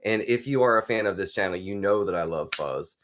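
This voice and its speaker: Raspy, hoarse male podcast host. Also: low voice, noisy background. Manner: chatty and enthusiastic, quick bursts of excitement. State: hoarse, recovering from illness. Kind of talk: casual interview chat.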